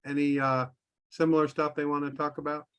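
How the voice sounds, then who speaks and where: A man's voice: on the high side, flat delivery, brisk, fairly bright tone, smooth. A man hosting a casual group call over video chat, chatty and friendly, with frequent restarts. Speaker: workshop host.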